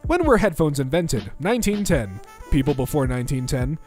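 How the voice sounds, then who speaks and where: A young man reading out internet posts for comedy, bouncing between flat deadpan and mock voices. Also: on the high side, soft background music. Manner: lively, quick shifts into mock voices.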